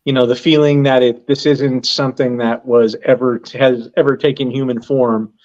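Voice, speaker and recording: A man's voice: medium pitch, flat delivery, a little mellow. A man discusses spirits in an unscripted chat. He halts and repeats himself as he works out his thought. The audio sounds dull and lo-fi. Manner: halting, repeats words. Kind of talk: casual discussion.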